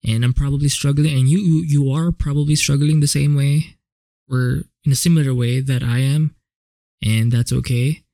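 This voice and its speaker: A man's voice: mid-range voice, steady tone, moderate pace, creaky, mellow, dry recording. A man hosting his own podcast, talking alone in a casual, rambling way, swearing freely and often correcting himself mid-sentence, recorded on a home podcast microphone. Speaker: podcast host. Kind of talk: solo reflective podcast monologue.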